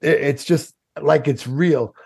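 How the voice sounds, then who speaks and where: A man's voice: on the high side, slow pace, vocal fry, darkish tone, breathy edge, no room sound, studio quality. A man co-hosting a casual podcast who explains things bluntly and swears freely. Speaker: podcast host.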